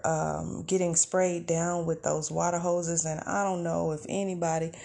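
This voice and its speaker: Female podcast host, unhurried casual monologue, gravelly fry in the voice. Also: on the low side. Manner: chatty and expressive, breaks into laughs and sighs.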